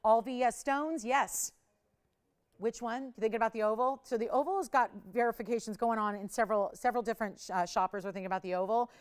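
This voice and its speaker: A woman with a smooth, clear voice sitting a little high hosts a live television shopping show. She pushes urgent countdown offers, then drops into chatty, confiding asides. The sound is studio-recorded. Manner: urgent, pushy countdown pitching. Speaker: shopping channel host. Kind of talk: live TV sales pitch.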